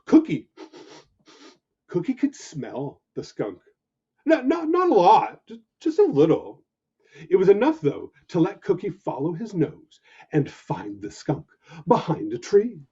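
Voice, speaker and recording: Brief: husky, mellow male storyteller, slow and very animated, lo-fi recording. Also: high voice. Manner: animated, expressive narration. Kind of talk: children's story reading. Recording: dull lo-fi recording.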